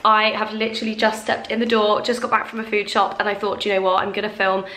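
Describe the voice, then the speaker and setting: A woman's voice: mid-range voice, monotone, quick pace, bright, forceful tone, roomy sound. A young woman chatting casually to camera as a vlogger, rambling with plenty of fillers. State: out of breath. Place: small flat kitchen, indoors.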